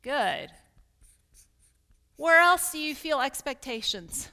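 A pastor's wife from Kentucky with a slight Kentucky accent, giving an earnest, candid talk to a women's gathering and inviting answers from the room, with light self-deprecating humor. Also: female voice, sits high, lively intonation, takes it slowly, pushed and bright. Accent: Kentucky with some Northern mix. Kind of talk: candid teaching talk with audience participation.

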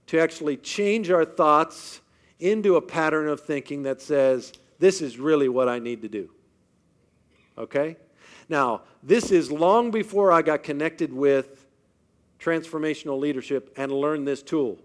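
A man's voice: a little high, a little slow. A man giving a faith-based motivational talk to a live audience, speaking emphatically and often putting questions to the crowd.

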